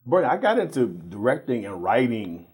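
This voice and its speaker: Husky man telling lively stories. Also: medium pitch, moderate pace. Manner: animated storyteller, repeats words, laughs often. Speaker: guest, theater professor. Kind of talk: casual interview storytelling.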